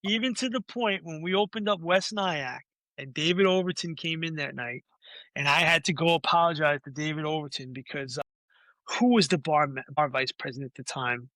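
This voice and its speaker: A man's voice: fairly high pitch, fairly quick, sharp tone, dry recording. A man in his forties, a podcast guest, telling a long anecdote in casual talk, swearing freely and acting out what other people said. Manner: swears freely, acts out quoted voices.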